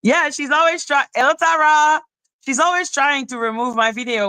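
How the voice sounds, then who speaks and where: A woman hosting a livestream, ranting heatedly and with swearing, and breaking into high sing-song greetings to her viewers. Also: bright, forceful tone, smooth, no echo. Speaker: livestream host. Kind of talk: livestream rant chatting with viewers.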